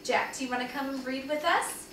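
Expressive woman reading a story aloud. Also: sits high, moderate pace, background noise. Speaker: second-grade teacher. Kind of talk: reading a chapter book aloud to children. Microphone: camera held by a small child. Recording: echoey room, voice from far off the mic.

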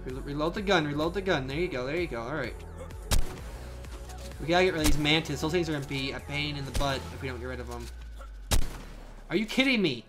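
A young man giving excitable live commentary on a survival game he is playing, with frequent outbursts and laughs. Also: fairly high pitch, fast, pauses often. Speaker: gaming channel host. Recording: faint game music behind.

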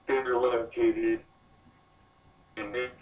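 A man joining over voice chat, talking quietly and haltingly with a glitchy, robotic-sounding voice. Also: medium pitch, flat delivery. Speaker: guest friend on voice chat. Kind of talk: casual game advice. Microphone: online voice chat. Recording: laggy voice chat, distant, echoey, dull.

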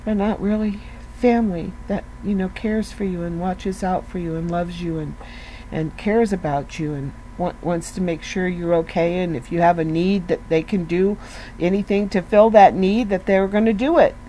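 A woman's voice: on the low side, steady tone, normal speed, warm tone, a little hiss or hum, poor audio. A woman giving a casual devotional talk, conversational and earnest, asking her listeners rhetorical questions and often saying "you know". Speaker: devotional speaker.

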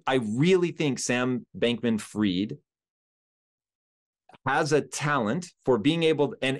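A man hosting a conversational interview, earnest and thinking out loud, often restarting his sentences as he works through an idea. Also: mid-range voice. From United States. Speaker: interview host.

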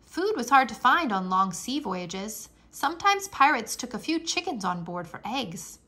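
A woman reading a children's nonfiction book aloud in an expressive storybook manner, with playful exclamations. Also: fairly high pitch, measured pace. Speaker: reader.

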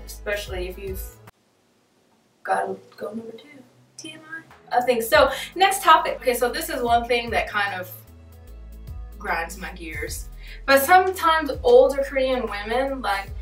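A woman's voice: fairly high pitch, a bit bright. Chatty joking young woman vlogger. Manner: chatty, joking asides, frequent laughs. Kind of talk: casual vlog chat. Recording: echoey room, mic at a distance, faint music.

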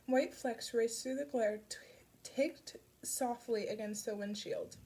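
A woman reading an audiobook aloud, narrating a dark story with soft shifts for the characters. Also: fairly high pitch, unhurried. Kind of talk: scripted narration.

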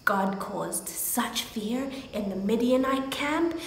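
Woman, church Bible teacher, slow storytelling, long hall reverb, faint background noise. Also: mid-range voice, very animated, gravelly, fairly bright tone. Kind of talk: Bible story narration with scripture reading.

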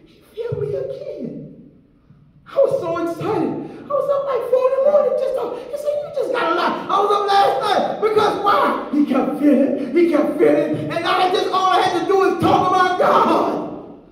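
A man ministering in an impassioned sermon, swinging into shouts and half-sung phrases. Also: very high voice, normal speed, a faint crowd. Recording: echoey hall from far off.

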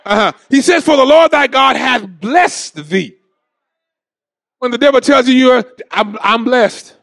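A man's voice: extremely high pitch, expressive, measured pace, gravelly, no echo, clean studio sound, faint music behind. A man preaching a sermon in a church, calling on the congregation to answer back. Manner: shouting preacher with call-and-response. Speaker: pastor. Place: church sanctuary.

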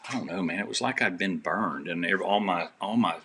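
A man with a deep, gravelly voice shares a personal story as a podcast guest. His tone is bright and forceful, and he speaks in an earnest, rambling way, full of restarts and talk of faith. There is a faint noise behind him. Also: a little fast.

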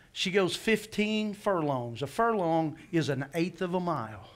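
A pastor preaches a lively sermon, voicing characters from scripture and putting questions to the congregation. His voice sits a little high.

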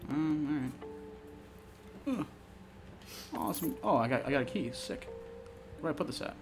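A young man with a higher-pitched voice talks at a normal speed over background music, offering casual let's-play commentary on a horror game. He swears a lot, gets jumpy and excitable, and yelps whenever something startles him.

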